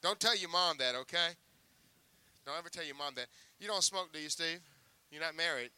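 A man doing sideshow magic patter on stage, teasing a volunteer with jokes. His voice sits high for a man and sounds very bright and forward. The sound is dry and close. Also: brisk, clean tone, no room sound. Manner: joking, teasing showman banter.

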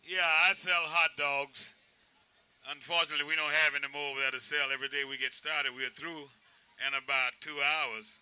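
A man's voice: on the high side, steady tone, moderate pace, sharp tone, smooth. A man, a hot dog vendor, talking folksy about his trade and hollering his sales cry. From United States. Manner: hollering sing-song sales cry, playful.

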